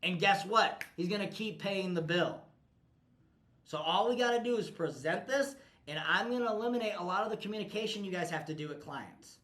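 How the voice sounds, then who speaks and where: Forceful, profane man in an echoey room. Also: high voice, a little fast. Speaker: business coach addressing his team. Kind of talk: blunt motivational team talk.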